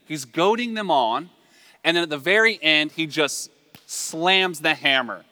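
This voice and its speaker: A man, a pastor, preaching a sermon in a lively, joking, conversational way. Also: a little high. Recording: long reverb in a large hall.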